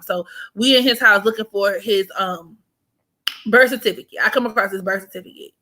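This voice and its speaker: Bright-voiced woman telling a story. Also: medium pitch, fairly quick. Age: 20s. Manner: animated, profane, slangy storytelling. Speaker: vlogger. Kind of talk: casual storytime chat.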